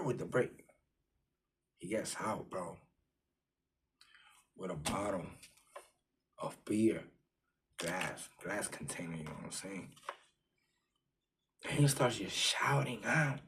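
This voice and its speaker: A man's voice: sits low, slow, long pauses, slightly rough. A man casually telling a personal story in profane street slang, full of fillers like "you know what I'm saying".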